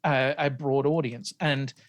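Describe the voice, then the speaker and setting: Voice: mid-range voice, steady tone, unhurried. A host leading a casual podcast film discussion in a chatty, sweary manner. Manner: chatty, sweary, steering the talk. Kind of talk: casual film-review chat.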